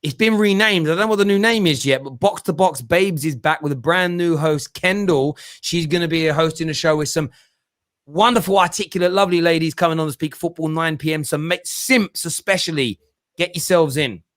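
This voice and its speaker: A man's voice: on the high side, fairly quick, a bit bright. Cockney man hosting a football show. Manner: laughs often, repeats words. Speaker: host. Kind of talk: casual football podcast chat.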